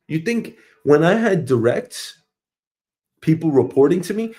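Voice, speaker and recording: A man's voice: fairly high pitch, sing-song, unhurried, a little mellow. A man hosting a casual show, ranting profanely in a mocking way and acting out quoted coworkers. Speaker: host.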